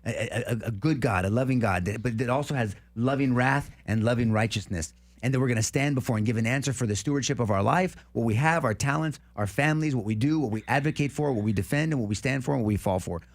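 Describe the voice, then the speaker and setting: A man's voice: mid-range voice, fast, few pauses. A man co-hosting a talk show, giving a fervent, preachy monologue and repeating words as he gets worked up. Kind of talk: passionate opinion monologue.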